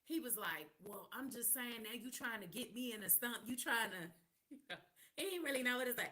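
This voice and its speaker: A woman's voice: a little high, lively intonation, moderate pace, sharp tone. A woman hosting a live podcast, telling stories in a candid, sassy, slang-heavy way. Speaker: podcast host. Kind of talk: casual live podcast chat.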